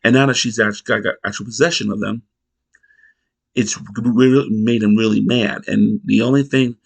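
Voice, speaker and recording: A man's voice: mid-range voice, gravelly. A male reviewer recaps a sitcom in a loose, casual voice. He rambles, halts and restarts sentences as he goes. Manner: rambling, halting, restarts a lot. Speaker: TV episode reviewer.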